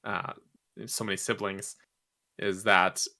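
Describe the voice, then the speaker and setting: Bright-voiced man chatting haltingly. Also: low-pitched, level tone. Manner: halting, restarts, chuckles often. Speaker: podcast co-host. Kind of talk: casual chat.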